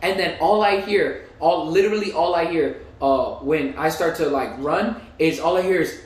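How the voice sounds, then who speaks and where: A young man telling a casual story, animated and full of slang, repeating himself as he goes. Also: fairly high pitch, moderate pace, background noise. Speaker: vlogger. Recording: echoey room, voice a bit far from mic.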